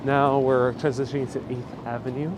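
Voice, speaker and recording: A man's voice: medium pitch, flat delivery, moderate pace. A man from New York with a New York accent, hosting a live walking tour outdoors and chatting back to viewer comments as he goes. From New York City. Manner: chatty, friendly, answers viewer comments aloud as he walks. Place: outdoors on a windy city street. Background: faint street ambience and passing traffic.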